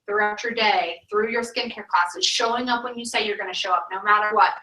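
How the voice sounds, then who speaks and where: A woman's voice: medium pitch, steady tone, fairly quick, sharp tone. A woman in her thirties, a sales director, giving an emphatic, chatty training talk full of "like.". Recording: echoey room, mic at a distance.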